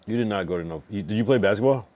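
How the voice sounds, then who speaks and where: A man's voice: fairly low pitch, racing, mellow. A man in his late thirties, a livestreamer rambling in casual chat, swearing and answering his chat.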